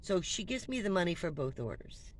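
A woman vlogger telling a personal story in a casual, conversational way, trailing off and restarting and dropping to a hush in the sad parts. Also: lowish voice, big pitch swings, brisk, poor audio. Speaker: van-life vlogger. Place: inside her van. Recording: clear ambient background noise.

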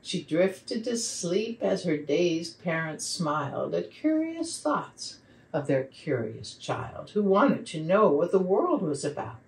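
Woman reading aloud to kids, expressive, lively pitch, slow pace, echoey, distant mic. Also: vocal fry. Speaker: children's program facilitator. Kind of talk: reading poems and a picture book aloud. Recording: roomy sound from a distant mic.

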